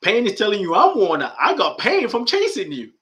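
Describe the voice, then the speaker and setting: A man voicing his own bodily discomfort as a worn-out, nagging character with a high, exasperated voice. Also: huge pitch swings, brisk, bright, forceful tone, exaggerated voice. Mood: weary, nagging. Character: worn-out talking pain, chatty and weary.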